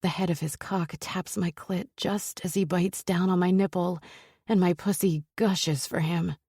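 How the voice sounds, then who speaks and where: A woman narrating a first-person romance audiobook in an intimate, breathy storytelling manner. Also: fairly low pitch, fairly even intonation, measured pace, mellow, dry recording, studio quality.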